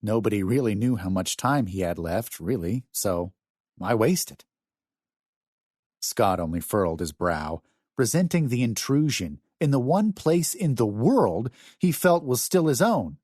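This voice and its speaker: Low-voiced male audiobook narrator. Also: very animated, unhurried, darkish tone, husky, no echo, studio quality.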